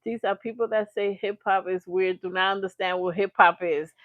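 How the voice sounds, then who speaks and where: A woman hosting a live reaction stream, speaking with emphasis and shouting out her viewers by name. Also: mid-range voice, fairly even intonation, moderate pace, no room sound, phone-quality sound. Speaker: livestream host.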